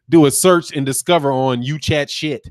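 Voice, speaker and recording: A man's voice: a little high, measured pace, no echo, clean studio sound. An American man hosting his channel, chatting casually and joking while he reads viewer comments aloud, laughing often. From United States. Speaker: channel host. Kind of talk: casual chat reading live comments.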